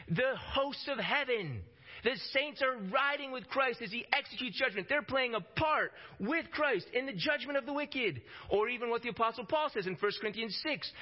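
A man preaching a sermon, emphatic, slowing down to stress key lines. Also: high voice, highs cut off. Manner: emphatic, varies pace for stress.

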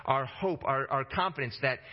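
Man preaching hard, voice jumps high on the big points then drops low, repeats words a lot, kinda dull lo-fi audio. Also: moderate pace. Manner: passionate, rising to emphatic peaks and dropping low for stress; repeats words when starting phrases. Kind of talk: sermon.

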